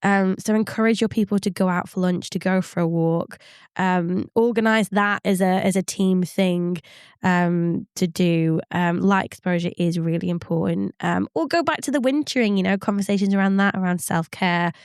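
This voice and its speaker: A woman co-hosting a podcast explains workplace psychology at a steady, measured pace, with plenty of ums along the way. Her voice is smooth and clear. The sound is dry and close to the mic. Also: fairly low pitch, no room sound. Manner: measured, explanatory, with frequent fillers. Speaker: psychologist co-host. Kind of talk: podcast advice chat.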